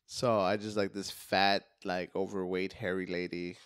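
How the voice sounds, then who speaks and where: A man's voice: low voice, sing-song, slow, a bit bright, clear, resonant tone. A male stand-up comedian as a podcast guest, chatting loosely, swearing and laughing between phrases. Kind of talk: casual podcast chat.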